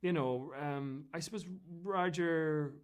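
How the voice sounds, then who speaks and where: A man's voice: on the high side, slow, smooth. An Irish man, a guest in an interview, telling casual stories in a rambling way with many fillers and restarts. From Ireland. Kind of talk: casual anecdotal storytelling.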